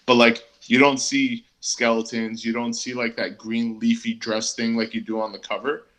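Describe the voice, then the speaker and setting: A man's voice: medium pitch, flat delivery, moderate pace, a bit bright. A man co-hosting a casual comic book review chat, easygoing and hesitant, with many ums and restarts.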